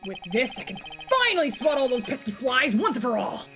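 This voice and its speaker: A woman's voice: high voice, sing-song, brisk, music in the background. A woman voicing a smug, scheming middle-aged male doctor who talks in a gloating, sneering way.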